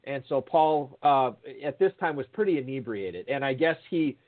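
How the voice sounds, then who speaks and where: A man's voice: mid-range voice, animated, moderate pace. A man telling a long, rambling anecdote with many fillers and restarts, acting out the people he quotes. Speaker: guest storyteller. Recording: phone-line audio.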